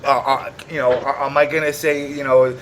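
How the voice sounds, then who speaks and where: A man hosting a live show and moderating an argument, calm and halting with many fillers. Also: mid-range voice, background noise. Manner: calm, halting, full of fillers, steering the talk. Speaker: host and moderator.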